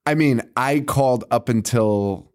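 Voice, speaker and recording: A man's voice: mid-range voice, a little slow, darkish tone. A young man co-hosting a podcast, chatting casually, swearing a lot and laughing often. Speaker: podcast co-host. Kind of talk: casual chat.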